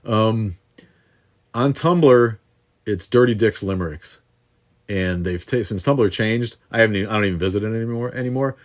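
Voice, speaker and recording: Deep-voiced man, crude rambling livestream host. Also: normal speed. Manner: irreverent, crude joking, rambling. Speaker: livestream host answering viewer questions. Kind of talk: casual live chat. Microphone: phone camera in selfie mode.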